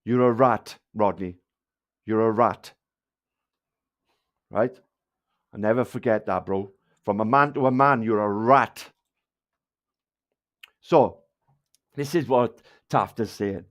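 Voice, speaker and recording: Ranting at his livestream viewers, a man with a South Wales Valleys accent swears heavily and hurls insults in anger. His voice is lowish, and he speaks slowly with frequent pauses.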